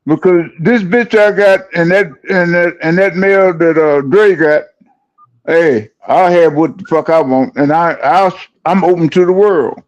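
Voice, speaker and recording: An older man in casual chat, gruff and swearing, with halting restarts. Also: a little high, muffled recording.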